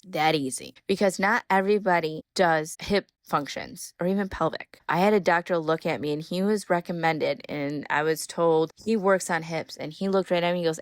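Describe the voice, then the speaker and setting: Mom hosting a podcast, lowish voice, dead dry close mic, talks straight and coaches you. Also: female voice, no room sound. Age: young adult or middle-aged mom. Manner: direct, coaching, repeats key phrases slowly. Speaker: podcast host. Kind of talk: solo podcast advice talk.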